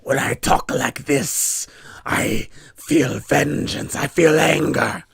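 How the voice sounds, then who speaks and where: A man voicing a vengeful ancient undead male tyrant, slow and menacing with a raspy, gravelly voice. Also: fairly high pitch, no echo, studio quality, exaggerated voice. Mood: wrathful. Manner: slow, dragged-out threats.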